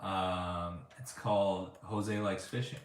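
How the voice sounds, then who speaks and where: A man's voice: low voice, fairly even intonation, takes it slowly. A man co-hosting a family live stream in an easygoing, teasing way, reading viewer comments aloud. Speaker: co-host reading live chat. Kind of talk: casual live-stream chat. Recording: echoey room, distant mic, faint hiss.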